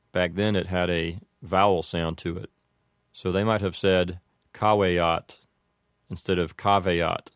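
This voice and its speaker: A man explaining Latin pronunciation in a measured, methodical way, slowing down for each example. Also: sits low, no echo, studio quality. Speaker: language teacher.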